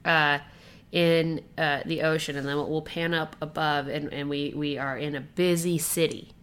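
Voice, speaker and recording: Female podcast co-host, deep voice, halting improv delivery. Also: fairly even intonation, a bit bright, a little hiss or hum. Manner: hesitant, improvising a story with fillers. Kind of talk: casual comedic chat.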